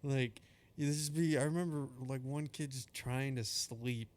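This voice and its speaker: A man's voice: medium pitch, steady tone, measured pace, darkish tone. A young man, a podcast guest, laid-back and giving mostly short replies. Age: young adult. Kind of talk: casual chat.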